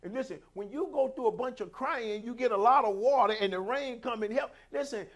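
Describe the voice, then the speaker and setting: Man, pastor, sermon, high voice, loud shouts then hushed lines, hallelujah interjections. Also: fairly quick. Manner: preaching with sudden loud shouts and dropped quiet lines.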